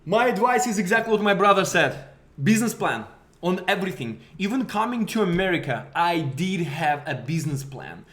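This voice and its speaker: A man's voice: high-pitched, very animated, a little fast, fairly bright tone. A young man from Russia with a Russian accent, chatting playfully on a livestream in broken English and laughing often. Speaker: livestream co-host. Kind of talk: casual livestream chat.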